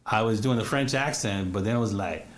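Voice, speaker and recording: Low-voiced man telling set stories. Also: brisk. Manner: animated anecdotes, frequent laughter. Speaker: actor and casting director, interview guest. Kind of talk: casual storytelling interview. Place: radio studio or streamed call.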